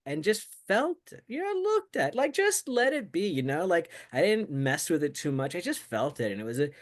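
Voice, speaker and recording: A man's voice: on the high side, big pitch swings, moderate pace. A man talking in a casual, rambling way full of fillers, reflecting on his meditation practice as a show co-host. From United States. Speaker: co-host of a Buddhist talk show. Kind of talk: casual chat.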